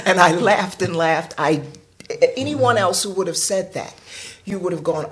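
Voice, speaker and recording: A woman's voice: on the low side, a little fast. A woman from New York earnestly telling a personal story of faith, bringing each scene to life and quoting what others said. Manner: earnest, animated, acts out quoted speech. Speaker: devotee sharing testimony.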